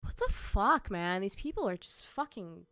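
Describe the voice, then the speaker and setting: A woman's voice: medium pitch, sing-song, normal speed, fairly bright tone, dry recording, studio quality. A woman hosting a gaming commentary show, reacting to clips in an exasperated, profanity-laced rant. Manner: exasperated, sweary ranting.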